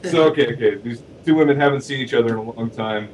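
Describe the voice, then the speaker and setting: A man's voice: mid-range voice, fast. Tired man telling bad jokes, mic far off. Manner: playful, giggles at own jokes. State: tired from little sleep. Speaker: livestream co-host telling jokes. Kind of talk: casual joking chat. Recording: distant mic with faint noise.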